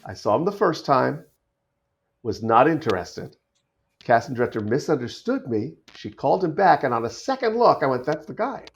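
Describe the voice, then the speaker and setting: A man's voice: medium pitch, moderate pace, gravelly. American man with a dull lo-fi sound. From United States. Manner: animated storyteller with frequent restarts. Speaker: guest actor. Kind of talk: casual podcast conversation. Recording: dull lo-fi remote audio.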